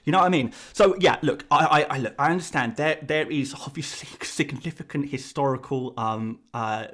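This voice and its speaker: A man's voice: mid-range voice, moderate pace, fairly bright tone. An English man streaming live, rambling and self-conscious as he answers viewers, laughing often between restarts. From England. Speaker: fantasy football streamer.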